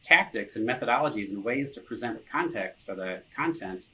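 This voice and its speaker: Bright-voiced man, easygoing guest. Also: mid-range voice, expressive, fairly quick, slight background noise, poor audio. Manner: easygoing, chuckles often, leans on "you know". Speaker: marketing director, podcast guest. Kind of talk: casual interview chat.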